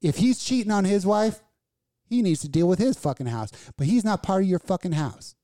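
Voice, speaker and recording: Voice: medium pitch, expressive, fairly quick, mellow. Blunt, profane radio host ranting. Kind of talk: casual chat.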